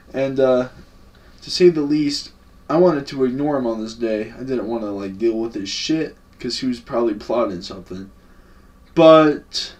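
A young man recounts a story in casual vlog style, loose and full of slang and profanity. His voice sits at an ordinary pitch for a man. He is recorded from a little distance away from the microphone. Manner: laid-back, slangy and profane. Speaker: vlogger. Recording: voice a bit far from the mic.

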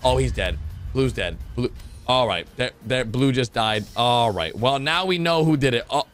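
A man giving excited reaction commentary as a video host, full of exclamations. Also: mid-range voice, soft background music. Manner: excitable, exclaiming, quick gasps and laughs. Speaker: YouTube host.

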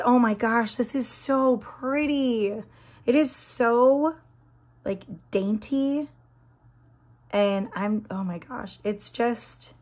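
A woman in her thirties with a hoarse, scratchy voice that drops into whispers, chatting and gushing while doing her nails. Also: mid-range voice, a little mellow. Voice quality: breaks into whispers. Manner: chatty, gushing, many fillers. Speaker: nail vlogger. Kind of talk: casual chat while doing a manicure.

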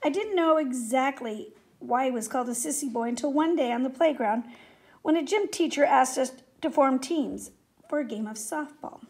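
A woman reading a children's story aloud with gentle, expressive storytelling. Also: sits high, normal speed. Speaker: story reader.

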